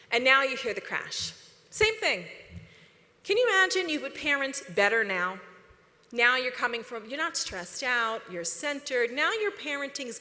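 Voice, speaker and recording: Chatty woman speaker in an echoey hall. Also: sits high. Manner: chatty and animated, asks the audience questions. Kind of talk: conference talk.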